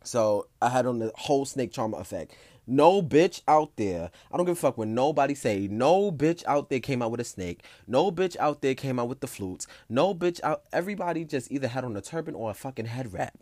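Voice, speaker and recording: Young man, 20s, dry close sound, animated and profane storyteller with ballroom slang. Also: medium pitch, a little fast, no echo. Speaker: ballroom competitor.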